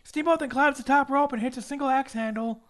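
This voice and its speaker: Casting: high-pitched male podcast co-host, brisk recap delivery, dry jokes. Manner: brisk play-by-play recap with joking asides. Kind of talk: casual wrestling recap chat.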